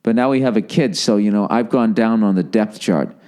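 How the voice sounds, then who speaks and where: A man's voice: fairly low pitch, fairly quick, mellow. A man in his forties hosting a solo podcast from home, ranting profanely and sarcastically and mocking people in put-on voices. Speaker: podcast host. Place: home in Los Angeles.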